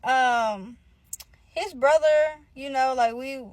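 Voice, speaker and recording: A woman's voice: high-pitched, takes it slowly, no echo, rough recording. A young adult woman telling a casual storytime, rambling, slangy and profane, often calling out to her listeners.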